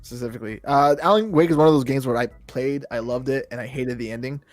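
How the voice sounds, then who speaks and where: A man co-hosts a casual video game podcast, rambling, joking, doing silly voices and swearing now and then. His mid-range voice moves at a quick pace on a dry recording with soft background music.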